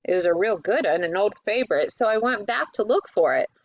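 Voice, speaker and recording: A woman's voice: medium pitch, animated, fairly quick, no echo, highs cut off, close to an everyday voice. A woman voicing a chatty male dwarf who talks in a folksy, rambling way in a storybook reading.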